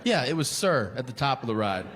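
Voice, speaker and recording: A man doing stand-up comedy on a stage with a handheld mic, telling a story deadpan and adding wry, self-mocking asides. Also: medium pitch, fairly quick, background noise. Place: comedy stage before a live audience. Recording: long hall reverb with clear room ambience.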